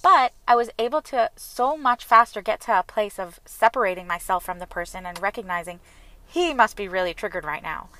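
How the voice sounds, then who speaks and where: A woman speaks in an earnest, confessional way, her bright and forceful voice pushing her words forward. The recording is dry and close, with no room sound around her. She talks like a self-help speaker sharing her own story. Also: medium pitch, expressive, a little fast, no room sound, rough recording. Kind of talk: personal reflective talk.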